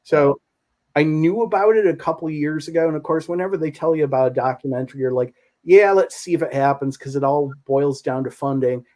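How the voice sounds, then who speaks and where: Animated man telling stories. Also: a little high, quick pace. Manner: animated, enthusiastic storytelling. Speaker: podcast co-host. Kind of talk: casual chat.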